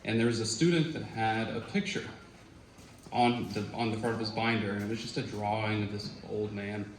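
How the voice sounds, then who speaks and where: A man's voice: on the low side, fairly even intonation, moderate pace. A man, a former student, telling casual stories at a memorial tribute, talking conversationally with fillers and quoted voices. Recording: echoey room with faint noise.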